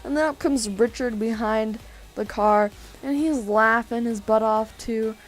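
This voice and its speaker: A teenage girl from California telling a story in an animated, excitable way on a casual vlog. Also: a little high, measured pace, poor audio.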